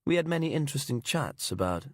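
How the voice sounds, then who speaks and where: A man voicing a creepy imprisoned killer with a put-on English accent that slips into Aberdonian, smug and slow, then whiny. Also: medium pitch, very animated, no echo, studio quality, voice pushed up, lightly acted. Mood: smug, sinister. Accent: put-on English slipping into Aberdonian. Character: creepy male killer prisoner, slithery and childish.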